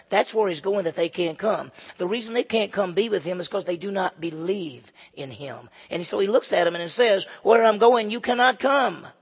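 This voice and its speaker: A man preaching a conversational, emphatic sermon as pastor, swinging between loud and soft. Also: sits high, slightly rough. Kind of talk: expository sermon. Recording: long hall reverb.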